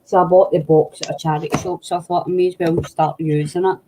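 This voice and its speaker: A woman's voice: lowish voice, level tone, fast, background noise. A woman chatting casually on a craft stream over a video call, laughing often. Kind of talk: casual chat.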